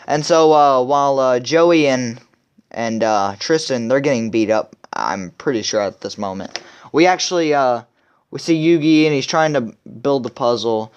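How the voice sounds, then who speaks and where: A man's voice: mid-range voice, moderate pace, smooth, highs cut off. A young man hosting a video and recapping a comic chapter in a rambling, filler-heavy casual way. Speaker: video host.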